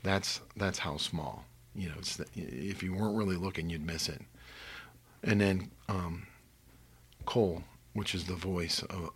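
Older male guest from Missouri, low husky voice, earnest storyteller sharing faith testimony, whispers for emphasis. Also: a bit bright.

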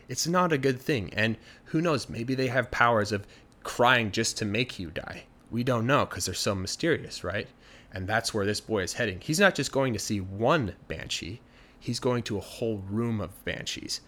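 A man telling a folktale in a chatty, animated storytelling style. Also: mid-range voice. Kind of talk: casual storytelling.

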